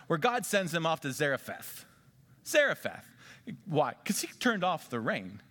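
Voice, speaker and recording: Male pastor, thirties, animated preacher, bright edge, slightly high. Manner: animated, swings between loud excitement and hushed intensity. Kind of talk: sermon.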